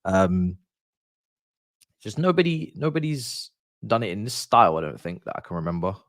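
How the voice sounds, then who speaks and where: A man's voice: on the low side, sing-song, normal speed, dry recording, studio quality. Slangy guy doing match commentary. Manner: chatty, slangy, groans and repeats "no" when annoyed. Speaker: watch-along streamer. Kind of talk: casual live match commentary.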